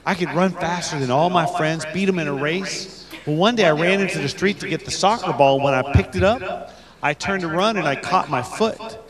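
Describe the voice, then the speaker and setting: A man voicing a determined nine-year-old girl with a leg brace, speaking earnestly and quietly before a live audience. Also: on the high side, normal speed, natural voice. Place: school assembly in a theater. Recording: live audience crowd in a theater.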